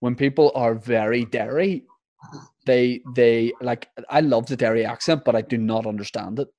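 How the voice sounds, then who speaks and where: A man's voice: mid-range voice, normal speed, warm tone, dry recording. A man with a Northern Irish accent hosting a casual interview, chatty and rambling with lots of fillers.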